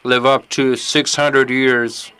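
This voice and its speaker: A man interpreting a conference Q&A live, halting as he picks his words. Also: medium pitch, level tone, sharp tone, clean tone.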